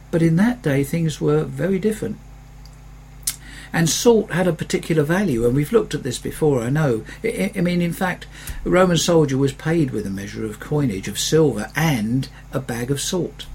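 Gravelly-voiced man preaching a sermon. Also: fairly high pitch, a little mellow, a little hiss or hum, low-quality recording. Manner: earnest, conversational preaching with emphatic rises. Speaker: pastor.

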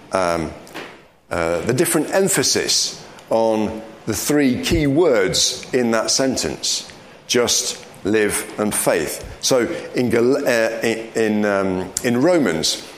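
A man's voice: fairly low pitch, roomy sound, slight background noise. A man leading a Bible study, explaining scripture and reading verses aloud. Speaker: Bible teacher.

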